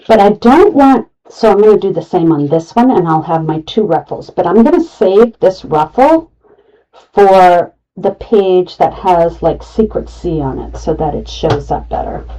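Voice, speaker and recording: A middle-aged woman talks through a live craft tutorial at an unhurried pace, chatting to herself as she trims and arranges pieces. Her voice is mellow and set slightly low. The sound is a little dull, with faint noise, as if the mic sits some way off. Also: animated, distant mic. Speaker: craft demonstrator.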